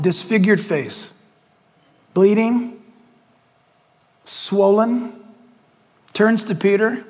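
A man's voice: high voice, darkish tone, big-room sound. A male pastor preaching a sermon, telling the story dramatically and putting questions to the congregation.

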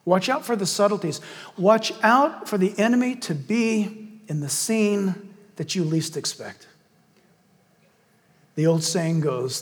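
A male pastor preaching a sermon and leading a closing prayer, animated, hushing his voice to act out a villain's lines. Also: high-pitched, takes it slowly, long pauses, long reverb tail, soft background music.

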